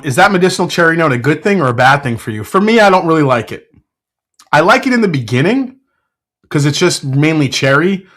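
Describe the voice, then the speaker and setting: Excitable male whiskey reviewer. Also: medium pitch. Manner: excitable, blurts sports trash talk; frequent fillers and self-corrections. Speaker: whiskey reviewer, show host. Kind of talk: casual tasting chat.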